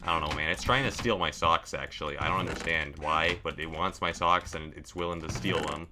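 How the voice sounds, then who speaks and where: A man telling a casual, deadpan story to his stream, with lots of "like" and dry jokes. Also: rumbling low, brisk, noisy background. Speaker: gaming streamer.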